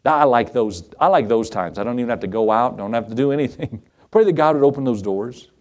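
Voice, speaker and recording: This man's mid-range voice is fairly quick and darkish, with lively intonation. Preaching earnestly in a folksy style, he laughs frequently, repeats himself for emphasis, and lets his cadence climb like a preacher's.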